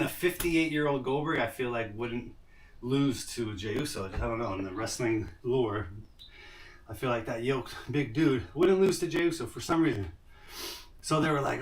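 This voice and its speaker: A man's voice: mid-range voice, animated, moderate pace. Man, casual streamer, rambling chat, slightly winded, heard from a distance on a camera mic. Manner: chatty, addresses viewers by name, rambling. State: out of breath after push-ups. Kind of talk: casual IRL livestream chat. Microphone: camera mic without lapel mics. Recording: distant mic with faint noise.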